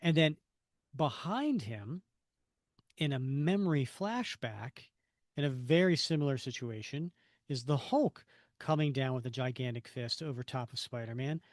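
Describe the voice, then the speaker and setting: A man's voice: medium pitch, expressive, measured pace, dry recording, studio quality. A man co-hosting a podcast, retelling a comic book story in a casual way and dropping his voice for quoted lines. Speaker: podcast co-host.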